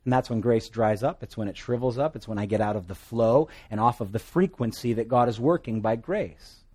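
A man from Hawaii with a Hawaiian accent, preaching a sermon with jokes and swings between loud and soft. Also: fairly quick, breathy edge. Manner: animated, joking asides, pitch and volume swing widely. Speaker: pastor.

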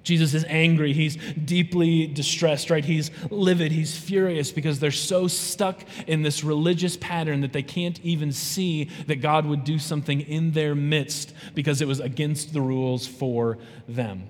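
Lively pastor with a ringing hall sound. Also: male voice, on the high side, normal speed, few pauses. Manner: lively, conversational, often asks "right?" to the audience. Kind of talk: sermon. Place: church sanctuary. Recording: long reverb from a large hall.

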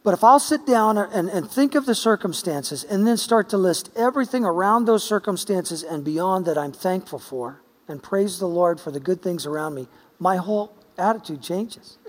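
A man's voice: high-pitched, expressive, moderate pace. A man preaching a sermon in a church sanctuary, telling a story in a playful, chatty way. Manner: playful, chatty, with quoted dialogue. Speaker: pastor. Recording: long church-hall reverb.

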